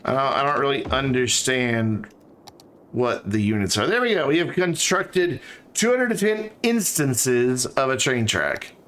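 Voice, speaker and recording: A man's voice: mid-range voice, sing-song, unhurried, fairly bright tone, slight background noise. A man streaming a city-building game, chatting casually and thinking aloud as he builds. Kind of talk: casual let's-play commentary.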